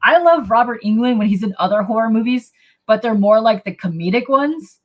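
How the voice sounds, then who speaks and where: A woman hosting a casual live podcast chat, excitable and quick to laugh, reacting to viewer comments. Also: fairly high pitch, lo-fi sound. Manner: excitable, laughs often, reads chat aloud. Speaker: podcast host.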